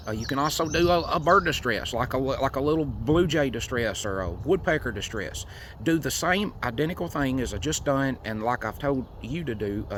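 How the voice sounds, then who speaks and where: A man from Tennessee gives a folksy, unhurried demonstration of hunting calls, with frequent fillers. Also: medium pitch, fairly bright tone, slight background noise. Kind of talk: outdoor how-to demonstration.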